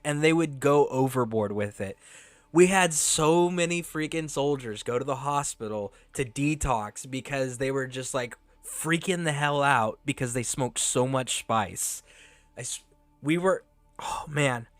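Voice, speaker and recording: A man's voice: mid-range voice, unhurried, no echo, faint music behind. A man streaming a video game, chatting casually, laughing often and swearing freely as he tells stories. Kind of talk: casual live-stream chat with storytelling.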